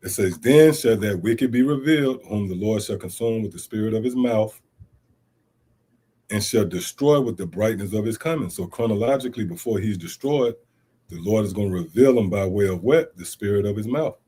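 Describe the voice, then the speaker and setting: A middle-aged man reads Bible verses and explains them with emphatic rhetorical questions. His voice is husky and lowish, with a mellow, dark tone. His asides are casual and conversational. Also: moderate pace. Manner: casual street-inflected speech with "man" and "see?". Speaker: Bible teacher. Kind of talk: scripture teaching streamed online.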